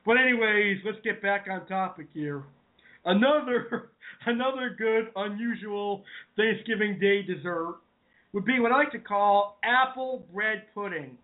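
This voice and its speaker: A man's voice: sits high, a little slow. A man from Massachusetts, hosting a casual online cooking show and chatting to viewers as "folks". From Massachusetts, New England. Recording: tinny phone-like audio.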